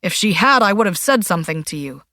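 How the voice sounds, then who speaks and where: A woman voicing a distraught middle-aged husband who talks loudly, pushing his voice up into a strained, pleading pitch. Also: lively intonation, quick pace, no room sound, clean studio sound. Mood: defensive. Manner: loud, raised, strained pleading.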